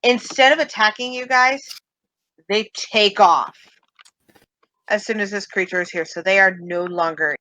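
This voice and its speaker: A woman game master narrates a tabletop game and calls the rolls with calm, matter-of-fact rulings. Her voice is bright and clear, and she speaks slowly. The sound is close and dry. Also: medium pitch, no room sound, poor audio. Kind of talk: running a tabletop role-playing game.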